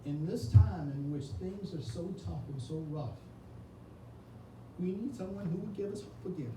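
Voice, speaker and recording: A man's voice: sits high, animated, normal speed. A man giving an earnest, emotional campaign speech at an indoor reception, telling a personal story. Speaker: Senate candidate. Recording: echoey room, mic far off, noisy.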